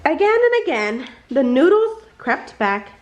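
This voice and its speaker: A woman reads a bedtime picture book aloud in a high, sing-song voice that rises and falls with every line. Her reading is playful and expressive, and it rings a little in an echoey room. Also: measured pace, slight background noise. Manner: expressive, jumps high for characters' lines. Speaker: storybook reader.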